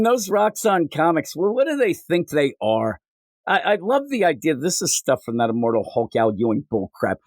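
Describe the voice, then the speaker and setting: A man's voice: mid-range voice, dry recording, clean studio sound. A man hosting a comics podcast, riffing jokily and putting on silly voices. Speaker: podcast host. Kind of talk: casual comedic chat.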